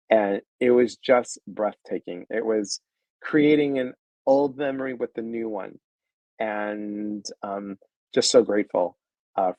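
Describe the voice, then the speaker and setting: A man hosting a wellness livestream in casual chat, speaking warmly to his viewers and acting out past conversations. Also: on the low side, no echo, muffled recording. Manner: effusive and heartfelt, retelling conversations with quoted voices; talks straight to viewers, greeting them by name.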